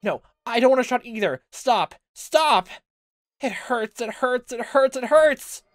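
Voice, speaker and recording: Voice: expressive, unhurried, no echo, studio quality, lightly acted. A player putting on a frantic, guilt-ridden girl. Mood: hysterical. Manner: shrill pleading, growing frantic. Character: guilt-ridden girl sliding into hysterical delusion. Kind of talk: reading a visual novel aloud.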